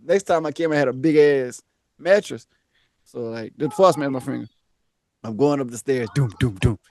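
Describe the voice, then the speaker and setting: A man co-hosting a comedy podcast, telling an animated story, laughing often and acting out each character. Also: medium pitch, normal speed. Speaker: podcast co-host.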